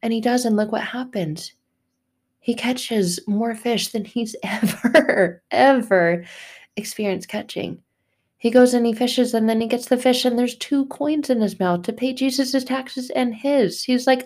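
A woman's voice: fairly high pitch, a little slow, darkish tone. A woman hosting a faith podcast, giving an emphatic, repetitive inspirational talk in a casual way.

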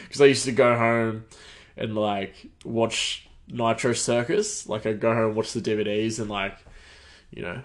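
Man, podcast host, casual storytelling, rambling, lots of fillers, lowish voice. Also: little pitch movement, unhurried. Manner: rambling, full of fillers and restarts.

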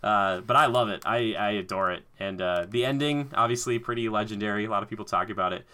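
A man chatting casually, animated and enthusiastic, acting out lines with laughs. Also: on the low side, fast, smooth. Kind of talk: casual chat.

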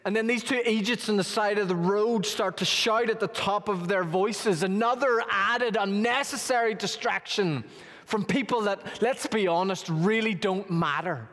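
A male pastor gives a sermon in a storytelling manner, rising to animated emphasis as he paints a scene. His voice sits a little high for a man. The sound carries the long reverb of a large church hall. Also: normal speed.

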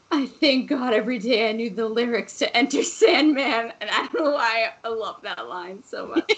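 A woman's voice: mid-range voice, bright, forceful tone, low-quality recording. A woman in her thirties co-hosting a podcast, chatting through a movie recap, laughing often and swearing casually. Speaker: podcast co-host.

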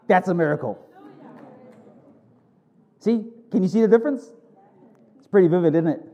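A pastor preaching a sermon in an informal, animated way, telling stories vividly and breaking off for quick self-corrections. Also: male voice, muffled recording. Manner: animated, vivid storytelling with sudden high exclamations.

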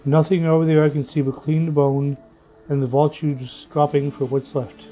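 A man voicing a calm husband in a read-aloud story, dryly amused and reassuring. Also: fairly high pitch, moderate pace, lightly acted. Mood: wry. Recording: muffled lo-fi with faint music.

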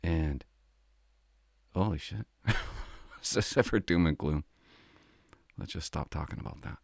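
On his podcast, a middle-aged former cop from Canada rambles, laughs, and tells stories in a casual, confiding way. His deep voice is unhurried and slightly rough, with vocal fry, recorded without any room sound.

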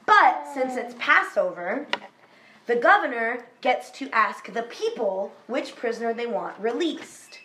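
Animated young woman, slangy retelling. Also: on the high side, unhurried. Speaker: storyteller. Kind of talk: casual chat. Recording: echoey room with background noise.

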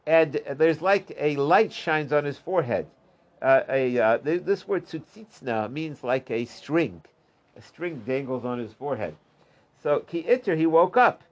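A man teaching a Talmud class in a relaxed way, reading short lines aloud, explaining them in plain terms and chuckling at the stories. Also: fairly high pitch, a little slow. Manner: retells stories line by line with loose asides and chuckles. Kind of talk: casual Talmud class storytelling.

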